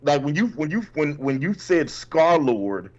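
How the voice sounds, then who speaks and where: A man's voice: a little high, sing-song, unhurried, darkish tone, highs cut off. A man co-hosting a casual podcast, joking and acting out other people's voices in his stories. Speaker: podcast co-host. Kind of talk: casual chat.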